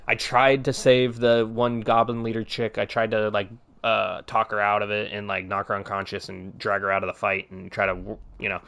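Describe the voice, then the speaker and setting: A man's voice: lowish voice, vocal fry. A man chatting casually on a live stream, rambling and swearing freely as he rants.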